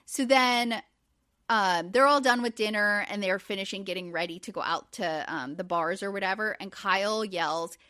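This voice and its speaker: A woman's voice: mid-range voice, normal speed, no echo, clean studio sound. A woman in her forties, a podcast host, recapping in casual chat with lots of fillers. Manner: chatty, animated, many fillers.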